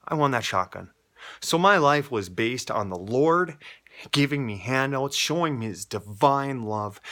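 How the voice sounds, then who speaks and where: A man's voice: medium pitch, a bit bright. A man from North Dakota, giving an earnest, rambling personal faith testimony from the heart. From North Dakota, USA. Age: adult with a child. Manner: rambling, emotional, earnest, jumps between stories.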